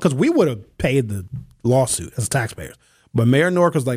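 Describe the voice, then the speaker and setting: Animated radio talk show host, dry studio sound. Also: male voice, mid-range voice, moderate pace, breathy edge, no room sound. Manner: animated storytelling, slangy, reads listener texts. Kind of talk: casual talk radio monologue. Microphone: studio microphone.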